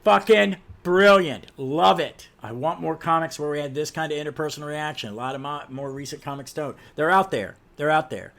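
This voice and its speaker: A man's voice: fairly high pitch, normal speed, gravelly, hardly any pauses, fairly bright tone. A man hosting a podcast, recapping comics with enthusiastic, gushing asides. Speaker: podcast host.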